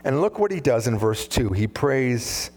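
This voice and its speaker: A man preaching a sermon as pastor, conversational and animated, full of asides. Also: medium pitch, a little slow.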